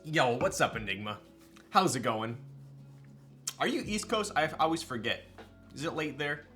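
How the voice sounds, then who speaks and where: A young man from Southern California chatting casually with viewers on a live stream, relaxed and slangy, full of fillers like "um" and "like", with light music playing behind him. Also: fairly high pitch, normal speed. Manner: laid-back, slangy, with frequent fillers and laughs.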